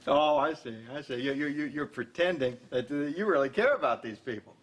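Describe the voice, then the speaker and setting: An actor playing an eccentric, jovial male station owner who rambles excitably and repeats himself. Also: fairly high pitch, fairly quick, a little hiss or hum, natural voice. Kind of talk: sitcom acting.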